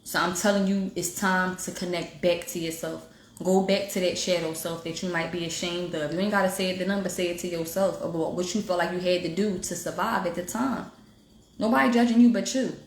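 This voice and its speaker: A woman's voice: on the low side, steady tone, fairly quick, roomy sound, a little hiss or hum. A woman with an African American Vernacular English accent, hosting a livestream and preaching about self-healing in a direct, emphatic way. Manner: direct, preachy and emphatic, talks straight to viewers. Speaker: livestream host giving spiritual motivation. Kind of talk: casual livestream talk. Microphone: phone livestream.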